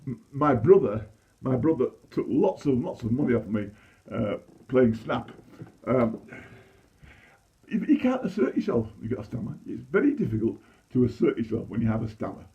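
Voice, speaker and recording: A man's voice: mid-range voice, big pitch swings, moderate pace, gravelly, mellow, highs cut off. A man in his sixties with a Yorkshire accent, doing a chatty, self-deprecating stand-up comedy monologue full of restarts. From Leeds, England. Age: 60s. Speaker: amateur comedian.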